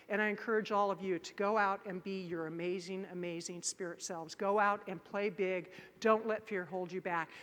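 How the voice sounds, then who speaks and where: A woman giving a motivational keynote in a large conference hall, telling a story with animated acted-out voices and shouts. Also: mid-range voice. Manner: animated, acts out voices and shouts in her stories. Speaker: keynote speaker. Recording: live conference hall with long reverb.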